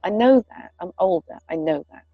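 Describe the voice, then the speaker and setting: A woman's voice: on the low side, lively intonation, moderate pace, dry recording, narrow, tinny audio, soft background music. A woman in casual chat, candid and earnest, swearing freely. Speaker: podcast co-host, parent.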